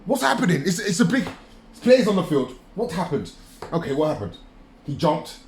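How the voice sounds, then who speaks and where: A man's voice: fairly high pitch, very animated, a little fast, slight background noise. Fired-up guy going off about his team live, keeps repeating himself, echoey room. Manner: agitated, repetitive ranting. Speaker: football fan vlogger. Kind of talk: live match reaction rant.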